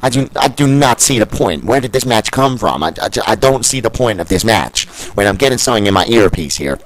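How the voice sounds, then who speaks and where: Deep-voiced male wrestling commentator, brash and partisan, swears often. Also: lively intonation, brisk, poor audio. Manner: blustery, cursing, openly siding with the owner. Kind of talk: scripted play-by-play commentary over a video game.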